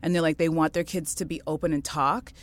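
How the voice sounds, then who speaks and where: A woman from the Caribbean, a podcast guest chatting casually and telling a story frankly with lively swings in pitch and loudness. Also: brisk. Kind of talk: casual chat.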